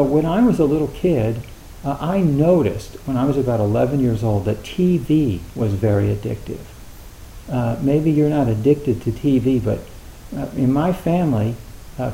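A middle-aged man gives a dharma talk in a relaxed, halting way, full of fillers and dry humor. His voice is mellow and unhurried. The recording is roomy, with a light hiss underneath. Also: medium pitch, creaky. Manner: halting, loose and conversational with frequent fillers; wry, gently humorous. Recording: roomy hall with faint hiss.

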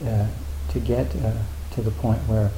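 A man's voice: fairly low pitch, steady tone, measured pace, mellow. A man giving a Zen dharma talk, rambling and self-deprecating, with lots of filler words. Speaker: Zen teacher. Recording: echoey hall with faint hiss.

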